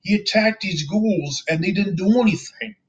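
A man's voice: sits high, normal speed, husky, recorded from a distance, voice pushed up. A man voicing an indignant young male anime character, protesting and defensive, on a dull lo-fi recording.

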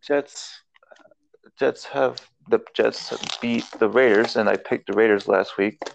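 A man's voice: medium pitch, fairly even intonation, slow, vocal fry, a little hiss or hum, poor audio. A man co-hosting a casual sports chat, making game picks in a hesitant way with many fillers. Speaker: co-host making football picks.

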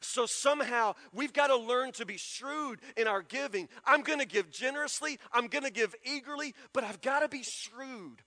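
A male pastor preaching a sermon in a church, emphatic and repeating key words, often dropping to soft, low stresses. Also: normal speed, hardly any pauses. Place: church sanctuary. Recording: long reverb of a church hall.

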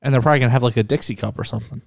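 A man's voice: medium pitch, rapid-fire, creaky. Man, co-host, casual chat, brash, crude jokes, plain mid voice. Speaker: podcast co-host.

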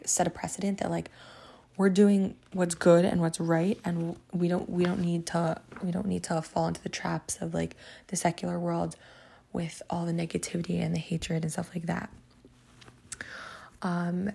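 Creaky-voiced woman telling a story. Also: lowish voice, darkish tone. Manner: chatty, filler-heavy, lots of "like" and "um". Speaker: podcast host teaching Psalms. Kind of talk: casual storytelling lesson.

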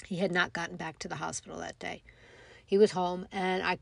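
A middle-aged woman telling a personal story in a reflective, halting way, with many pauses and fillers. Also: fairly low pitch, little pitch movement, gravelly, no room sound. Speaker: mother telling her story.

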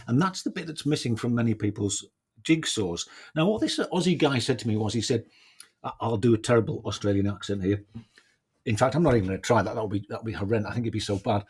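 Husky man musing aloud. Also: lowish voice, fast, darkish tone. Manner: reflective, rhetorical tag questions. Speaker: podcast host. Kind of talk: casual solo podcast monologue.

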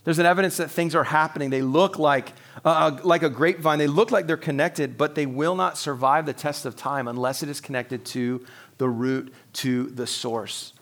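A man with a fairly high voice delivers a Sunday sermon as the pastor, chatting with the congregation more than lecturing. He drops into short acted-out exchanges and chuckles along the way, keeping it loose and personal. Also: fairly even intonation, moderate pace, a bit bright. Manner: conversational preaching, acts out dialogue with God, laughs often.

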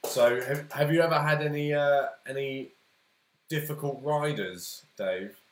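An English man co-hosting a casual chat, swearing freely and laughing often in lively banter. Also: medium pitch, unhurried. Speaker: podcast co-host. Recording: roomy echo.

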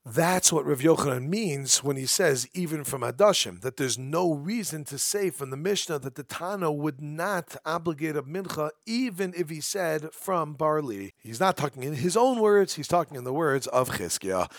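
A man's voice: on the high side, expressive, moderate pace, few pauses, no echo. A man teaching a Talmud lesson, reading the text in a sing-song study chant and explaining each phrase in casual English.

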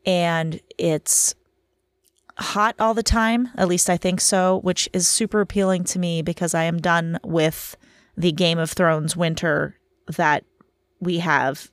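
A woman's voice: fairly low pitch, a little slow, no room sound, clean studio sound. A woman in her thirties hosting a casual solo podcast, chatting in a rambling, self-deprecating way while tired from lack of sleep. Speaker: podcast host.

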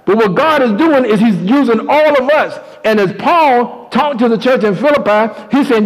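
High-voiced man preaching. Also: lively intonation, moderate pace, few pauses, in a large hall, poor audio. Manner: emphatic, repeats key lines. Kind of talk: sermon storytelling.

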